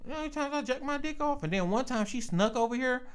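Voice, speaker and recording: Lively man telling stories. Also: very high-pitched, quick pace, clean tone. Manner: animated storyteller, acts out quotes, laughs often. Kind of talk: casual chat.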